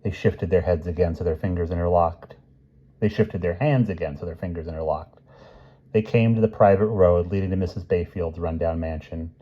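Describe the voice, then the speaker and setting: A man calmly reading a novel chapter aloud. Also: low-pitched, brisk, muffled recording. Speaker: reader.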